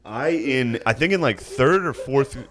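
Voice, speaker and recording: A man's voice: medium pitch, animated, measured pace, crowd noise. A man co-hosting a podcast, bantering in a casual chat with crude, teasing quips. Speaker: podcast co-host.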